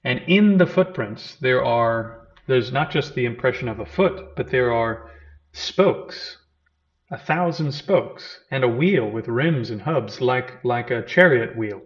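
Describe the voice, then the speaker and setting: Man, lecturer, storytelling explanation, mid-pitched voice, muffled lo-fi sound. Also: expressive, takes it slowly. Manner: storytelling that retells a scripture scene and explains its terms. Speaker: lecturer on Buddhism. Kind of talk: explanatory teaching talk.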